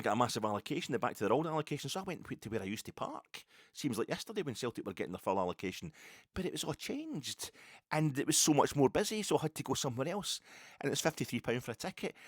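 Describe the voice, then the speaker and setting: Scottish male podcast host, middle-aged, quick lively rant with swearing, dry close sound. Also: medium pitch, no room sound. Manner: animated, rambling, swearing. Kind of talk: solo fan podcast rant.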